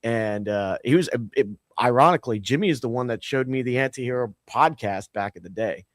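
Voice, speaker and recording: A man's voice: mid-range voice, a little fast, no echo, clean studio sound. A man co-hosting a podcast, telling a rambling story with loose restarts and casual swearing. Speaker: podcast co-host.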